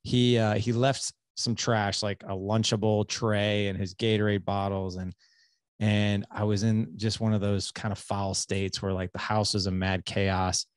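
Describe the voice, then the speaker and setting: A man's voice: fairly low pitch, flat delivery, measured pace, clear, resonant tone, no echo, studio quality. A man in his forties hosting a podcast interview, telling a candid, self-deprecating story from home life. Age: 40s. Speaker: podcast host.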